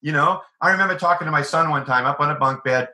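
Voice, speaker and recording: Man, author guest, very sharp tense tone, slightly high, animated storytelling. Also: fast talker, low-quality recording. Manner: animated, acts out quoted voices. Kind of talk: conversational storytelling.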